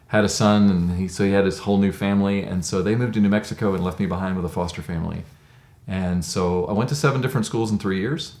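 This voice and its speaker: A man in his fifties with a very low voice recounts his own story in a thoughtful, conversational way, often pausing with "um". The sound is roomy with a noticeable echo. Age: 50s. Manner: reflective, conversational, many "um"s. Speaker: interviewee. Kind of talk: personal storytelling.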